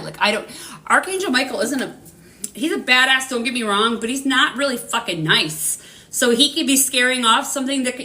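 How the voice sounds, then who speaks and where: A woman's voice: a little high, bright, forceful tone. A woman hosting a live spiritual reading, rambling and swearing casually with lots of fillers. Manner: rambling, profane, full of fillers.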